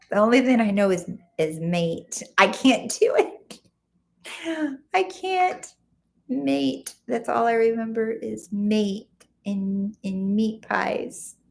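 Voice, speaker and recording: A woman hosting a relaxed livestream chat, greeting viewers and reading their comments aloud. She talks at an unhurried pace, with a gravelly fry running through her words and a chatty, friendly manner. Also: mid-range voice. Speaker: livestream host.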